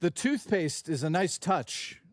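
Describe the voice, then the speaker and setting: A man's voice: on the high side, expressive, measured pace, no echo. A man casually chatting and joking on his live stream, loose and profane.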